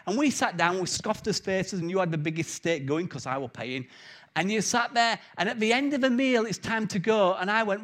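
A man preaching a sermon, telling the story with lively acted-out voices. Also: sits high, normal speed.

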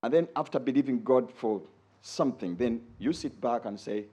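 A man preaching a sermon in an animated way, rising high when he quotes others and dropping low for asides. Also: normal speed, breathy edge.

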